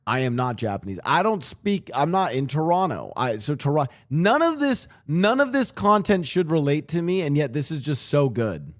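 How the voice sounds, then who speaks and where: A man's voice: fairly high pitch, very animated, normal speed, few pauses. A young man hosting a casual reaction stream, rambling and swearing with frequent restarts, on a streaming mic at home. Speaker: streamer and podcast host.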